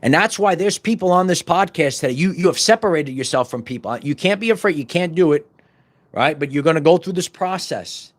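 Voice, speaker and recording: Brief: fervent middle-aged male podcast host, fairly high voice, repetitive, stumbling, bursts loud. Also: animated, a little fast. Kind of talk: impassioned spiritual monologue.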